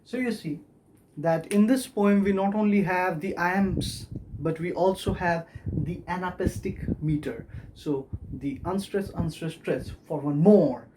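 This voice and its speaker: Slow, patient poetry lecturer. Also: medium pitch, background noise. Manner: patient, explanatory, scans verse aloud stressing beats. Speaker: literature lecturer. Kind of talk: recorded video lecture on poetry.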